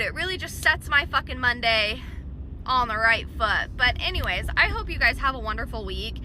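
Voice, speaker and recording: A woman's voice: fairly high pitch, lively intonation, normal speed, sharp tone. A woman venting to camera in a profane, frustrated rant full of fillers, sitting in her car in traffic. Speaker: vlogger. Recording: car interior with road noise. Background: traffic noise.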